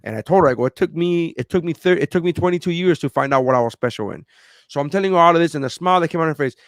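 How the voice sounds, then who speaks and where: A man in his thirties chatting on a podcast, telling stories with lots of life and slipping into other people's voices as he goes. His voice sits a little high for a man. The sound is dry and close, with no room around it. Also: racing, dry recording. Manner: animated storyteller, acts out voices of others. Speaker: podcast co-host. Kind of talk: casual chat.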